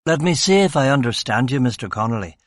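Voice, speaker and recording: A man's voice: mid-range voice, animated, fast, no echo, natural voice. A man voicing a blunt, wry male police detective in an audiobook reading. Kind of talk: audiobook character voice.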